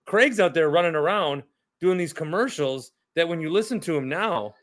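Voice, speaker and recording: A man's voice: fairly high pitch, expressive, moderate pace, a bit bright. A man hosting a sports talk show, ranting in a casual, indignant and profane way, often repeating himself and turning sarcastic.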